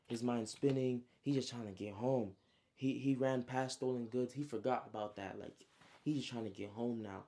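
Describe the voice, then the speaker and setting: A man casually recapping his own story, slangy and animated, with frequent asides. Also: mid-range voice, normal speed.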